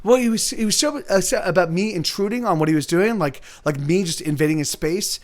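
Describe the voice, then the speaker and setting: A man's voice: high voice, fairly quick. A man talking in a rambling, profane monologue, restarting his sentences and answering chat readers by name as a livestream host. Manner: profane, repetitive, restarts often.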